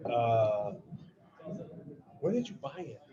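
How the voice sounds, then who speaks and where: A man's voice: medium pitch, big pitch swings, takes it slowly, mellow. A man appearing as a podcast guest in casual chat, easygoing and agreeable, chiming in with short replies and chuckles. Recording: dull sound with crowd chatter.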